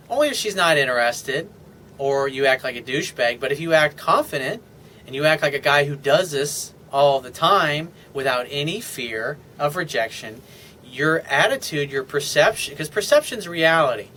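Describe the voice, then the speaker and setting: A man with a bright, forceful and fairly high voice, coaching viewers in a video newsletter. He talks with confident emphasis and slips into acted-out lines of dialogue. A faint hum of noise sits under the recording. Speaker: dating coach.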